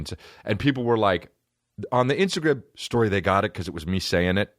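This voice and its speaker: A man hosting a podcast, ranting in a profane, mocking, animated comic way into a close mic. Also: low-pitched, normal speed, no room sound. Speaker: podcast host. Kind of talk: solo comedic rant.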